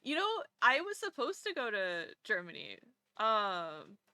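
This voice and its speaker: A woman streamer chatting casually while drawing, animated, laughing often and swearing casually. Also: mid-range voice, a little slow, dry recording, clean studio sound.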